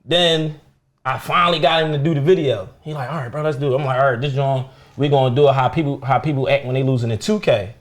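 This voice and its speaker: Speaking quickly in a mid-range voice, a young man appears as a comedian guest, spinning profane, lively stories over casual conversation and voicing the characters himself.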